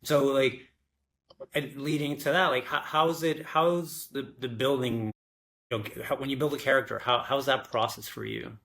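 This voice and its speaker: A man, the interviewer, asking questions in a halting way, with many restarts and fillers. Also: mid-range voice, fairly even intonation, creaky, fairly bright tone. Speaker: interviewer, director. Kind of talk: conversational interview.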